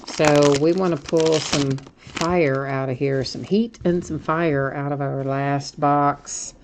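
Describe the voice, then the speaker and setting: Woman host, low voice, chatty card-break patter, faint noise behind. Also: fairly even intonation, takes it slowly. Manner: chatty, thinks aloud, frequent laughs. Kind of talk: live card break chat.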